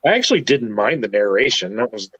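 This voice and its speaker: A man co-hosting a casual comics chat who talks in quick restarts. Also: on the low side, very animated, fairly bright tone, lo-fi sound. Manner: chatty, frequent restarts. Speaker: co-host.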